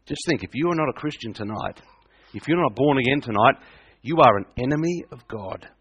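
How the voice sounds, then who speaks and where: A man's voice: mid-range voice, expressive, a little fast, fairly bright tone, breathy edge, muffled recording. A middle-aged man preaching a sermon. He hammers his points home by repeating them and keeps asking his listeners questions. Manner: emphatic, repeats points, asks the audience questions.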